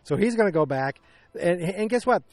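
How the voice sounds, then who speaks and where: A man's voice: high-pitched, animated, normal speed, no room sound. A man hosting a podcast, recapping a film casually, rambling with many restarts and acting out bits of dialogue. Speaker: podcast host.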